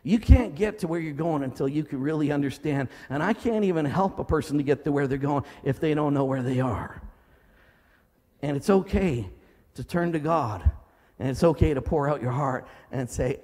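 A male pastor preaching a sermon in a church hall, dramatic, swinging from loud cries to low murmurs. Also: moderate pace.

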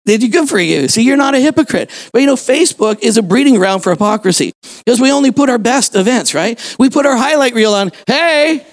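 A pastor preaching a sermon to a church congregation, shouting to stress points and firing questions at the listeners. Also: male voice, extremely high pitch, expressive, fast talker, no echo. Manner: fervent preaching with shouted emphasis and rhetorical questions.

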